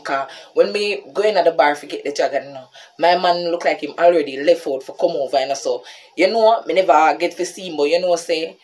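A woman with a Jamaican accent telling a story on her vlog, talking to her viewers and calling them "people". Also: sits low. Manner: animated, keeps addressing viewers as "people". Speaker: vlogger.

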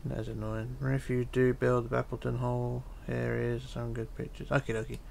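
A man's voice: mid-range voice, little pitch movement, normal speed, creaky, noisy background. A man with an English accent chatting casually and teasing while he streams a building game. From England. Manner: chatty, teasing, muttering asides. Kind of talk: casual chat while gaming.

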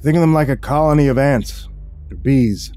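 A man doing a gruff, measured veteran hunter. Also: medium pitch, dark tone, soft background music, close to an everyday voice. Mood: explaining. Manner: explanatory, measured. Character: seasoned male hunter, gruff and calm.

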